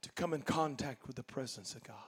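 A man preaching a Pentecostal sermon as pastor, talking in a folksy, colloquial way and swinging from quiet asides to loud shouted preaching. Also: medium pitch, a little fast, husky. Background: faint congregation.

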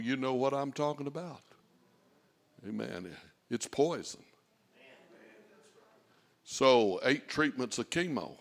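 A man preaching a fervent sermon, rising to shouts and dropping to a hush. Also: medium pitch, vocal fry. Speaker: pastor.

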